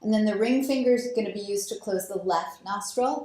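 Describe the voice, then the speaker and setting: Calm woman guiding yoga breathing. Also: mid-range voice. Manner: calm, slow guiding cues, growing softer. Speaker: yoga teacher. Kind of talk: guided breathing instruction. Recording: roomy echo.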